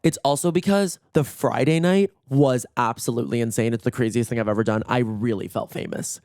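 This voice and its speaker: A man hosting a podcast with a worn-out, hoarse voice, telling stories in a gossipy, animated way and swearing freely. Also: medium pitch, brisk, no echo, clean studio sound. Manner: gossipy, animated, swears often, acts out quotes. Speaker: podcast host. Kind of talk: casual solo storytelling. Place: in bed at home.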